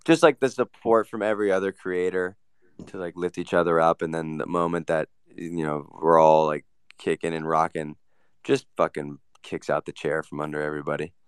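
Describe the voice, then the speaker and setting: A sarcastic man teases his friends in loose, casual chat. His voice is very low, smooth and resonant, and the recording is dry. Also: fairly even intonation, normal speed, no echo. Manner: teasing, sarcastic.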